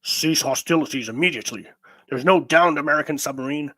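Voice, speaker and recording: A man's voice: a little high, brisk, bright, forceful tone. Chatty man reading a comic. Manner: chatty, hesitant with many fillers. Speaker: host. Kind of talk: casual live comic read-along.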